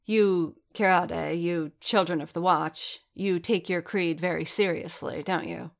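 A proud warrior woman speaks coolly and with a mocking edge, lecturing as if to a slow pupil, voiced by a woman reading the story. Her tone is low and a little gravelly. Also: fairly even intonation. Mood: scornful.

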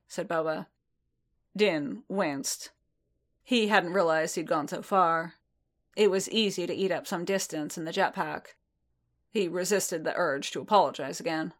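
A woman narrating a story aloud in a steady, even storytelling manner. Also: lowish voice, normal speed. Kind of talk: audiobook reading of fan fiction.

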